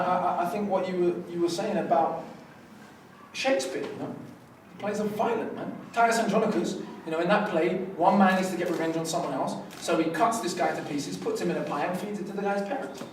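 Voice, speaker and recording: A man, a rapper on a festival press panel, talking passionately and lecturing, sometimes acting out voices and rhythms. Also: high voice. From United Kingdom. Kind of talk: passionate press conference talk. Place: conference room. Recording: echoey room, mic far off, faint noise.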